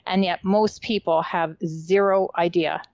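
A woman's voice: lowish voice, steady tone, a little slow, a little mellow, dry recording, low-quality recording. Earnest woman, radio commentator. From British Columbia, Canada. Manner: earnest, hesitant, with many fillers. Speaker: regular radio show contributor.

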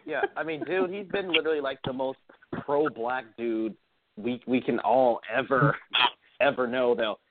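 A man's voice: mid-range voice, normal speed, no room sound. A man hosting a talk show, casual and filler-heavy, who keeps saying dude. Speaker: host. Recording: dry tinny line.

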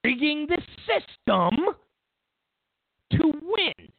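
A man's voice: very high voice, extremely slow, vocal fry, no echo. A man hosting a political commentary show, delivering an emphatic, mocking monologue. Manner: emphatic, animated, mocking asides. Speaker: show host. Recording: tinny phone-like audio, dry.

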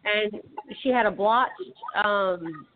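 A woman's voice: mid-range voice, takes it slowly, a little hiss or hum. A woman with a Southern twang, a guest author talking casually with many restarts and fillers. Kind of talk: casual conversation. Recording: tinny phone line.

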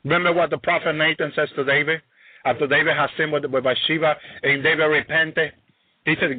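A man's voice: on the high side, fairly even intonation, a little fast, no echo. Emphatic preacher man on a tinny line. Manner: emphatic, repetitive, exclaiming hallelujah. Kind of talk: sermon. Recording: tinny phone-like sound.

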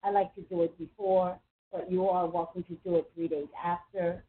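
A woman's voice: fairly low pitch, flat delivery, a little hiss or hum. Chatty woman on a tinny line. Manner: chatty, emphatic, quick asides. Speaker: psychic radio host. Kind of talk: casual call-in talk. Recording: tinny phone-line sound.

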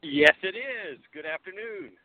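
A man, a pastor, calling into a radio show and talking in an earnest, measured way over a faint phone line. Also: on the high side, dry recording. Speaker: pastor and caller.

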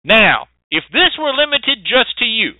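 A man's voice: extremely high pitch, sing-song, unhurried, no room sound. Man, profane blunt lecture, swoops up and down, tinny phone-like dry sound. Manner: blunt, profane, preachy and emphatic. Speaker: host and hoodoo teacher. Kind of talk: lecturing monologue.

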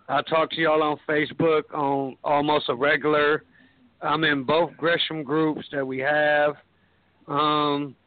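A man in his forties from Cleveland, Ohio, introducing himself as a caller in a casual, steady way. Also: a little high, no room sound. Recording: tinny phone-line audio.

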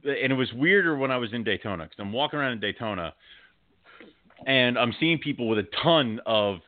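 A man co-hosting a podcast in casual chat, laid-back with frequent chuckles and quick asides. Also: medium pitch, animated, dry recording. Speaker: podcast co-host. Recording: tinny phone-like sound, dry.

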